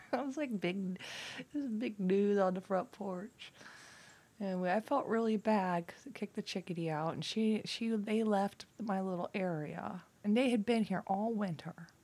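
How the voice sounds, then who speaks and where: Husky, profane chatty woman. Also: medium pitch, moderate pace. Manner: chatty, profane, drifts between loud bursts and near-whispers. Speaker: vlogger. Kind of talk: casual rambling monologue.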